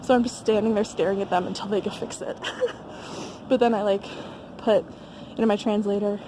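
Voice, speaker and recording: A woman's voice: mid-range voice, steady tone, a little fast, noisy background. A young American woman vlogging casually on a walk through a snowy mountain village, chatty with lots of fillers and laughter. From United States. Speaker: travel vlogger. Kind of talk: casual chat while walking.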